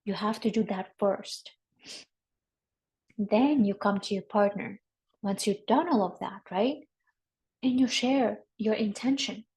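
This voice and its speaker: A woman, a marriage and family therapist, teaching a workshop in a calm, instructive way, often checking in with listeners. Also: medium pitch, slow, pauses often, rough recording.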